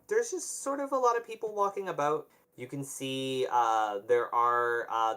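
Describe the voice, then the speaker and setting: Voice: mid-range voice, fairly bright tone. Game master with rambling narration.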